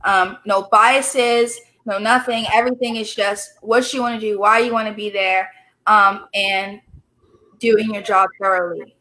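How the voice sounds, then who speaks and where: A woman's voice: mid-range voice, unhurried, low-quality recording. A teenage girl in her late teens on a video call, answering interview questions in an earnest, chatty way. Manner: earnest, lively storyteller who laughs easily. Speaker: student host answering an officer's questions.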